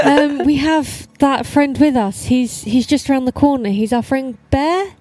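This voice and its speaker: A fairly high-voiced woman speaks as a player in a tabletop game. She talks casually and breaks into easy laughter. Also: lively intonation, normal speed, hardly any pauses, mellow.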